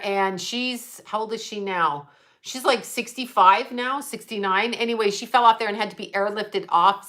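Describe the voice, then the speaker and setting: A woman's voice: mid-range voice, fairly bright tone. A middle-aged woman chatting casually and rambling through a story, digressing often, laughing and swearing.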